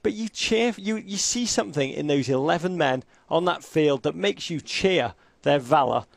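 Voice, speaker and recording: A man with a high, gravelly voice co-hosts a comic football talk show. His delivery is grandiose and theatrical, full of jokes. The sound is dry and close. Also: animated, moderate pace, dry recording. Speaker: podcast co-host. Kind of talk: comedic football chat.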